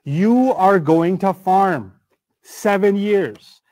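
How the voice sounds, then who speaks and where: A middle-aged man teaching a scripture lesson in a conversational, animated way, acting out everyday examples. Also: sits high, very slow, dry recording. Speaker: Quran teacher. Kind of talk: explanatory lecture on scripture.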